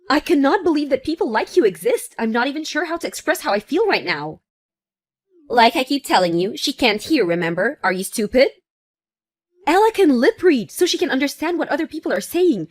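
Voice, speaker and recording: A woman's voice: high-pitched, sing-song, normal speed, no echo. A woman voicing a protective young fiancée who speaks firmly and with indignation in a text-message story. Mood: indignant. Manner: firm, indignant.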